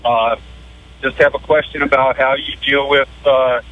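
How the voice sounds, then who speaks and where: A man calling in to a radio show, speaking in a hesitant, halting way full of fillers. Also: mid-range voice, little pitch movement. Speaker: radio caller. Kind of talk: phone-in call. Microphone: telephone. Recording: dull phone line with faint noise.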